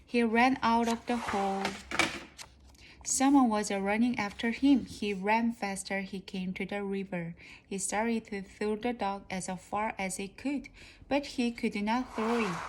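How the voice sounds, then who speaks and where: Slow, careful woman reading a storybook. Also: mid-range voice, steady tone, noisy background. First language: Korean. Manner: careful, practicing reader with small slips. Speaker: reader. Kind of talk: reading a children's storybook aloud.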